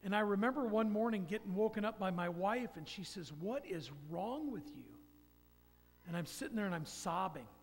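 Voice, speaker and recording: A man's voice: high voice, big-room sound, slight background noise. A man giving an earnest personal testimony in a church, telling stories about faith. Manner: earnest, storytelling. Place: church sanctuary.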